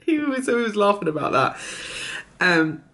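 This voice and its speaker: A woman's voice: medium pitch, sing-song, a little slow, a bit bright. A young mother, chatting casually in a vlog and rambling through a story full of "I was like" asides. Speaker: vlogger.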